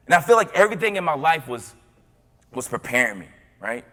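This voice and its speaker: A young man from Tennessee, giving a motivational keynote as a storyteller. He swings from loud to hushed and often repeats his words. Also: fairly high pitch, sing-song, a little fast. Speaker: motivational speaker. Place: large conference hall. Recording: long hall reverb.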